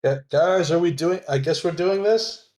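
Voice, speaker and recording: A man's voice: a little high, normal speed, a little mellow. A man playing a tabletop game, tossing out wry, teasing asides. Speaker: player. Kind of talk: joking game table banter.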